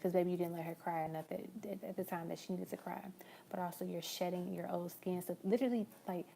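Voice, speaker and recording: A young woman doing a casual live-stream tarot reading, talking warmly and affectionately to a viewer, calling her girl and love. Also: fairly low pitch, steady tone, quick pace, gravelly, a little hiss or hum. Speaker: tarot reader.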